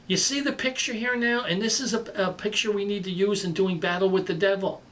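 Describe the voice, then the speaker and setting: A male preacher giving a sermon, with dramatic delivery that swings between loud emphasis and quiet passages. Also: sits high, fairly quick.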